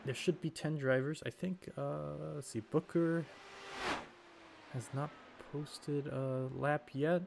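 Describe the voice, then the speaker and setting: A man's voice: a little high, steady tone, slow pace, vocal fry, noisy background. Man commentating a sim race with a cold. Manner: rambling, self-correcting, with many fillers. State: recovering from a cold. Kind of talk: live stream race commentary.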